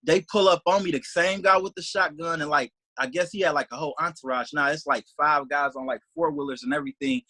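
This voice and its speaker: A young man rattles through a story at high speed, his voice bright and forward with a husky edge. He rambles and leans on "like", slipping into the voices of the people he quotes. The sound is dry and close. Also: fast talker, few pauses, no echo, low-quality recording. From Detroit, USA. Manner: rambling, animated, heavy use of "like", acts out quoted speech. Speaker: interview guest, salesman. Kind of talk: casual storytelling in an interview.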